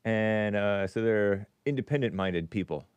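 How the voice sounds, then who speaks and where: A man's voice: on the low side, unhurried, smooth, dry recording. A middle-aged man hosting a call-in show, chatty and curious, asking his caller lots of questions. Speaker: host. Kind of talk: casual call-in chat.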